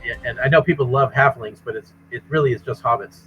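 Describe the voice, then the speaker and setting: Fast-talking man on a muffled chat line. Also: medium pitch, slightly rough, soft background music. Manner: rapid, restarts and repeats words. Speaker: game master and game designer. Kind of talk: casual chat between tabletop players.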